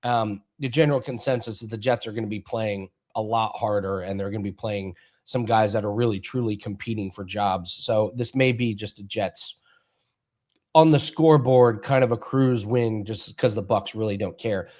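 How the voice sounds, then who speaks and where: A man's voice: lowish voice, moderate pace, a little mellow. A man co-hosting a sports betting show, telling a rambling story in casual chat and then breaking down games. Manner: rambling storyteller, laughs through anecdotes.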